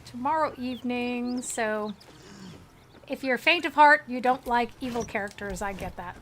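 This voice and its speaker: A woman's voice: a little high, normal speed, fairly bright tone, a little hiss or hum. An American woman streaming a video game, chatting casually and playfully, and laughing often. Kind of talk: casual gameplay commentary.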